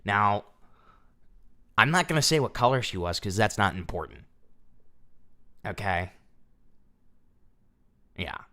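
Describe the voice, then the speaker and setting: A young man with a somewhat low voice chats casually on a livestream. He tells a story in a profane, ranting way, talking straight to his viewers. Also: expressive, slow pace, long pauses, bright, forceful tone. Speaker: streamer.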